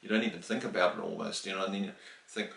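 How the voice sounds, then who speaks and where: A middle-aged man from New Zealand in a casual interview, telling a story and acting out the quoted voices with lively emphasis. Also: low-pitched, racing, gravelly. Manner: animated, acts out quoted dialogue, many restarts. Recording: roomy, distant from the mic.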